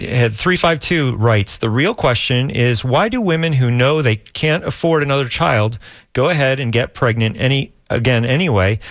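A man's voice: mid-range voice, no echo, studio quality. A man hosting a call-in radio talk show, reading listener emails and introducing guests with frequent restarts and fillers. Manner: halting, many restarts and fillers.

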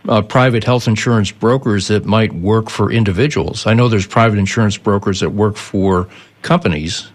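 Low-voiced male radio host, stammering. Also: moderate pace. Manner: conversational, stammers and repeats words. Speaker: radio talk show host. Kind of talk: call-in radio talk.

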